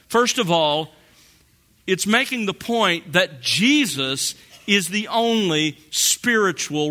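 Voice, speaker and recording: A man preaching a sermon, slow and deliberate, drawing out key phrases for emphasis. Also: high-pitched, pushed and bright. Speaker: pastor.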